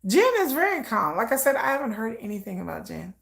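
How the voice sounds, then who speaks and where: A woman giving casual live reaction commentary, gossiping in an animated way and acting out quoted lines. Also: fairly high pitch, fast, creaky.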